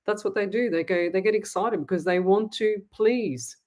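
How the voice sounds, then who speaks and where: A woman's voice: medium pitch, moderate pace, darkish tone. An Australian woman hosting a live-stream, reading out viewer comments and answering them in a blunt, emphatic way. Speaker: psychic medium host.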